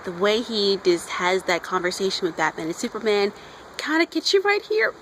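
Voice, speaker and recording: A woman's voice: fairly high pitch, fairly bright tone, slight background noise, rough recording. A woman chatting casually outdoors as she reviews a comic, gushing like a fan and putting on voices for the characters.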